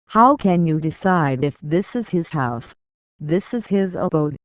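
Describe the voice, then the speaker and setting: A man reading a spiritual discourse as an audiobook, in a measured, deliberate way with long pauses between short phrases. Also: on the high side, animated, no echo. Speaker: audiobook narrator. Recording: dull, slightly muffled dry recording.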